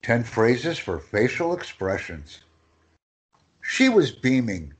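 A man teaching English phrases in a lesson, reading each phrase slowly and with emphasis for his student to repeat. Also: medium pitch, very animated. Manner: slow and emphatic, phrases stressed one by one.

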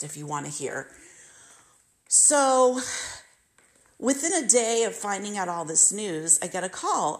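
A middle-aged woman telling a candid, emotional personal story on her podcast and acting out the people in it. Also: mid-range voice. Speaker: podcast host.

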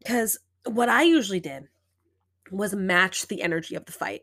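A young woman hosts a podcast, speaking in a relaxed, conversational way. Her voice sits at a middling pitch, and she keeps checking in with the listener as she goes. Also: moderate pace. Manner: conversational, lots of "right?" and "like". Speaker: podcast host. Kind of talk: casual advice monologue.

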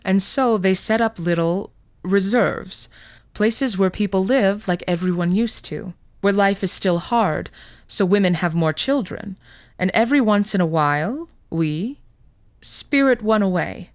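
A woman voicing a calm persuasive fairy prince. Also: mid-range voice, unhurried, no room sound, clean studio sound, lightly acted. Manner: calm, reasoning, gently persuasive. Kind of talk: storytelling podcast reading.

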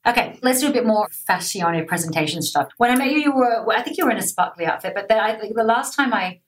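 A woman runs a casual interview, chatty and excitable with the odd casual swear. She sounds set back from the microphone. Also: fairly high pitch, fast, recorded from a distance.

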